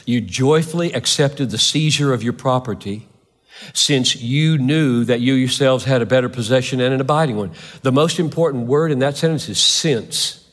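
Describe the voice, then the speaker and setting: A man's voice: mid-range voice, normal speed. An older man preaching a sermon in a large church, emphatic and repeating phrases for stress. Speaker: pastor. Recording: reverberant church hall.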